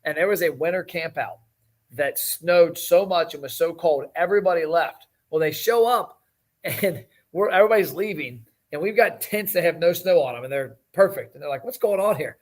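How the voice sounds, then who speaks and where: A man hosting a casual chat, telling stories and joking with his father. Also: fairly high pitch. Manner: joking, storytelling, fast and animated. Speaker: podcast host.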